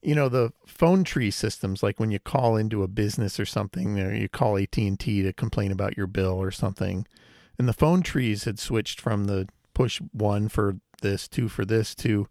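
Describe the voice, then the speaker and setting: A man with a low, gravelly voice co-hosts a relaxed podcast and explains technical things in a steady, measured way. His voice sounds dry and close to the mic. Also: dry recording. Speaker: podcast co-host. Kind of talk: casual chat.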